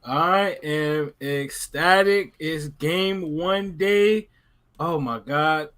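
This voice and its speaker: A male guest on a sports podcast, excitable and emphatic. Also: on the high side, drawn-out words. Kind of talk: casual sports talk.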